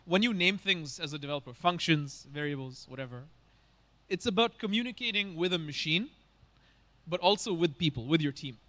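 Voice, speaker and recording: A man's voice: a little high, expressive, fairly quick, pushed and bright. A man from Bangalore, hosting a conference with casual joking stage banter and teasing the audience. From Bangalore, India. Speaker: conference host.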